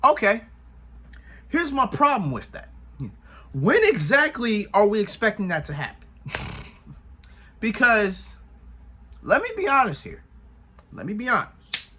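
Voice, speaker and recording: A man's voice: sits high, big pitch swings, a little slow, long pauses, sharp tone, slight background noise. A man recapping a wrestling show in casual commentary, retelling events with animation, acting out what people said and laughing often.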